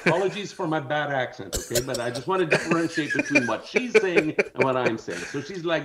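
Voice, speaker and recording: A man telling a story in casual podcast chat as a guest. He speaks in an animated way and often laughs as he talks. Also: a little high, brisk, hardly any pauses, noisy background.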